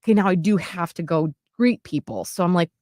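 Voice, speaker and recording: A woman's voice: lowish voice, a little fast, darkish tone, no room sound, clean studio sound. A woman in her late thirties, co-hosting a podcast and telling a personal story in an earnest, heartfelt way, with many "like"s and restarts. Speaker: podcast co-host. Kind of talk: casual storytelling chat.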